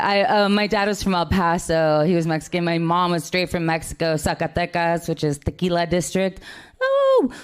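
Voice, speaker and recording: A woman's voice: low voice, clean tone. A woman doing a stand-up comedy set, brash and self-mocking.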